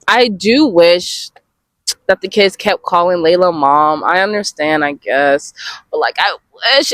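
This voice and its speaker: A woman giving a casual, expressive reaction review of comics, swearing freely and talking straight to her viewers. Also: medium pitch, no echo. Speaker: webcomic reviewer.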